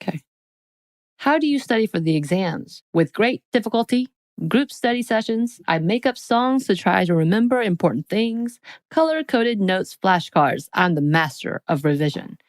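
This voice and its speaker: A woman's voice: medium pitch, animated, moderate pace, no echo, studio quality. A woman co-hosting a podcast, reading quiz questions aloud in a playful, casual chat. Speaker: podcast co-host.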